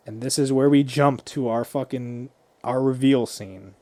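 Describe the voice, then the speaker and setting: A man's voice: medium pitch, a little slow, warm tone, no room sound. A man co-hosting a podcast, casually retelling a movie scene by scene and swearing freely. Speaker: podcast co-host.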